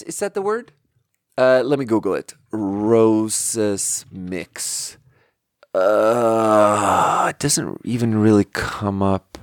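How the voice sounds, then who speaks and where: A man's voice: medium pitch, no echo, clean studio sound. A young man from Sweden telling a rambling, exasperated story in casual podcast chat and swearing freely. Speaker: podcast host.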